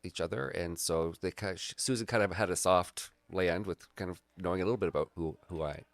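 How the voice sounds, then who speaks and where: A man's voice: low-pitched, brisk, vocal fry, no room sound. A man talking as a guest in a casual conversation, reflective and earnest in manner. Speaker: graphic artist and guide, guest.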